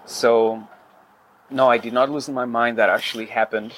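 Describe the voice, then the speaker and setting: A man guest in a relaxed podcast chat, talking in a loose, rambling way full of fillers and restarts. His voice sits in a middle register, and a faint hiss runs under the recording. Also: medium pitch, normal speed, rough recording. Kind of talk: casual interview chat.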